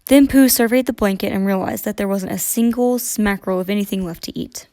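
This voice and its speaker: A woman reading a children's storybook aloud in a gentle, expressive manner. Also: mid-range voice, fairly quick, no room sound, clean studio sound.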